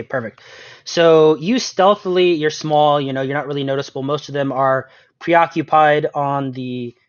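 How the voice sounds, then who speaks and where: A man's voice: medium pitch, no echo. A man narrating as game master of a tabletop game, in a chatty way with frequent ums and laughs. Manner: chatty, laughs often, fills with um. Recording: dull lo-fi sound, dry room.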